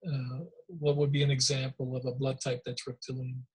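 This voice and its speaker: A man's voice: medium pitch, flat delivery, moderate pace, low-quality recording. A man co-hosting a casual chat, chiming in with brief, playful interjections. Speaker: co-host.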